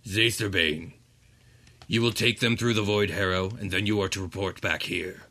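A man's voice: low voice, fairly even intonation, pushed and bright, heavily acted. A man doing a cold, imperious demon lord. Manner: slow, grave, imperious delivery. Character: towering ancient male demon lord, cold and commanding.

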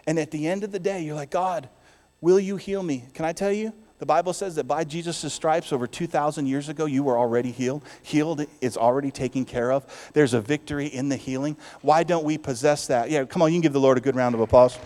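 A man preaching a sermon as pastor to his church, swinging between loud declarations and hushed, soft passages. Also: on the high side, quick pace, hardly any pauses, long reverb tail.

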